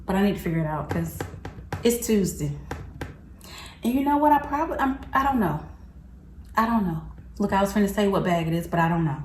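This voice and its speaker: A young woman vlogger telling a story to her viewers in a slangy, animated, chatty way, often laughing. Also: medium pitch, brisk, pauses often, reverberant, a little hiss or hum. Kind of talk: casual storytelling to camera.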